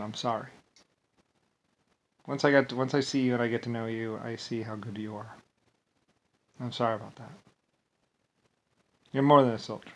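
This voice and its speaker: A man delivering an angry, rambling monologue, swearing often, repeating himself and restarting his sentences. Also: mid-range voice. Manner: profane, repetitive, ranting with many restarts. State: agitated and angry. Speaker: vlogger.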